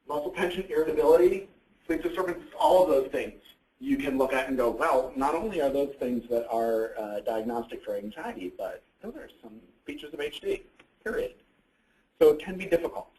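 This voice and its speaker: A man's voice: on the high side, a little mellow. A man giving a conversational educational presentation, often asking a question and then answering it himself. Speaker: presenter on psychiatric issues. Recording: echoey room.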